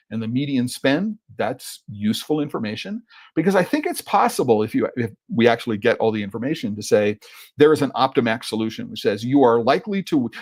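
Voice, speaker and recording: A man's voice: mid-range voice, a little mellow. A man hosting a solo podcast, thinking aloud in a rambling, exasperated way with lots of fillers. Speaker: podcast host. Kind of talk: casual solo podcast commentary.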